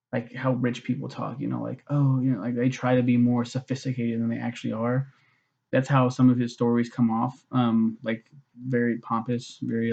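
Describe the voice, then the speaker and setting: A man's voice: mid-range voice, vocal fry, darkish tone, highs cut off. A man giving a casual, rambling book review, swearing freely and filling his talk with "like" and "um". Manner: swears a lot, many fillers, mocks posh voices.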